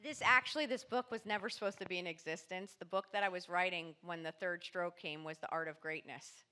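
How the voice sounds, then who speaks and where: Woman mindset coach, podcast guest; bright, forceful voice, emphatic and motivational. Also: fairly low pitch, fairly even intonation, a little fast, clean tone. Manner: emphatic, motivational, punchy delivery. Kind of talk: podcast interview.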